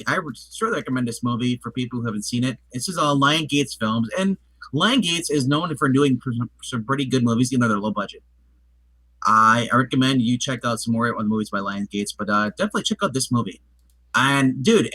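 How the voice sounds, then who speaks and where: A man talks through a film in loose, rambling chat, stacking fillers and restarting his sentences. His voice is bright and clear. The sound is dry and close, with no room echo. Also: mid-range voice. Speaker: movie review co-host. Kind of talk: casual chat.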